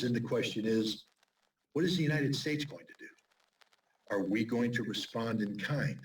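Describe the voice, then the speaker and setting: A man as an interview guest, giving urgent, emphatic warnings in a commentary style. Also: mid-range voice. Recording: distant mic with faint noise.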